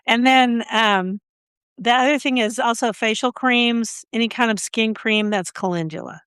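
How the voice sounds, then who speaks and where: Laughing frequently, a woman co-hosting a gardening podcast chats and tells stories in a mid-range, slightly bright, smooth voice. It's studio quality with no echo.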